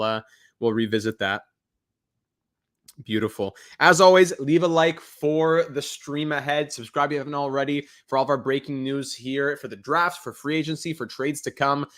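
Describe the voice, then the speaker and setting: A man's voice: medium pitch, fairly bright tone. Young male streamer, casual live commentary, talks to his chat. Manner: chatty, reads viewer comments aloud. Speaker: livestream host.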